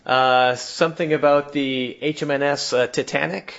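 A man's voice: a little high, fairly even intonation, normal speed, gravelly, fairly bright tone, dull audio. A man co-hosting a podcast in casual chat, wisecracking and steering the topics along. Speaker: podcast co-host.

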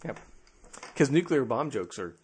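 Lively, joking male podcast host. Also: medium pitch, a little slow, breathy edge. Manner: jokey, laughs often, playful. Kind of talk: casual podcast chat.

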